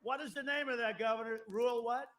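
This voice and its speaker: A man in his seventies gives a rambling, emphatic campaign speech at a podium microphone, outdoors at an airport rally, with asides to the crowd. His voice is very high-pitched and sharp, steady in tone and quick. The live outdoor broadcast picks up faint crowd noise.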